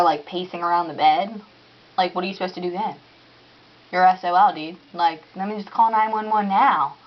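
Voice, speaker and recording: Her pitch fairly low and the audio dull, a young woman narrates a story in a casual vlog at home, animated and talkative, packing in "like" and "dude" as she dramatizes her own panic.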